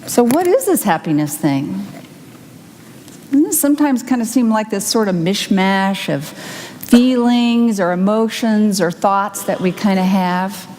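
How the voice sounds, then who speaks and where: Woman minister, mid-pitched, lively teasing sermon, long church-hall reverb. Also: unhurried, a little hiss or hum. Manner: upbeat, teasing, guides listeners through reflection. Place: church sanctuary.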